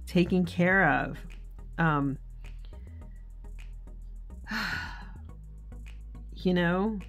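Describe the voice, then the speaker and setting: A woman vlogging about her faith in casual, earnest talk, candid and often correcting herself mid-sentence. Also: on the low side. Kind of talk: casual devotional vlog talk.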